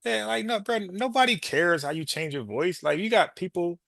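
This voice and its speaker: A man's voice: high voice, normal speed, vocal fry, fairly bright tone, no echo, studio quality. A man hosting a podcast, arguing with a caller, repeating his points and calling him bro. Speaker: podcast host. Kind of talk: heated call-in debate.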